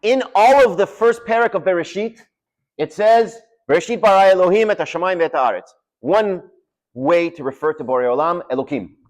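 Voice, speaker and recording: A man delivering a sermon as a rabbi, telling stories with dramatic drops to a near hush. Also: high voice, brisk. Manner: animated storytelling with dramatic drops in volume. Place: synagogue study hall.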